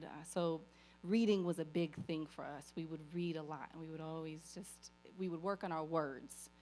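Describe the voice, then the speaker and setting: A woman's voice: on the low side, slight background noise. A woman giving a eulogy for her father, telling a family story with hesitant fillers and small laughs. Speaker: eulogy speaker, daughter.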